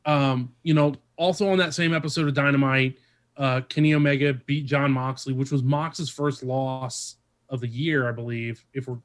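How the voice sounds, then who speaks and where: A man's voice: medium pitch, moderate pace. Rambling, filler-heavy podcast host, a man. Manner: rambling, many fillers, lively when excited. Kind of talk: casual chat.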